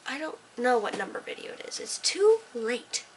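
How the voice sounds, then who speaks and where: A woman's voice: a little high, big pitch swings, moderate pace, slight background noise, poor audio. A teenage girl vlogging casually in her room at night, rambling and sarcastic, dropping into whispers and then bursting with energy. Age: teens. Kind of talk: casual late-night talk to camera. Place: own room at night, lit by a desk lamp.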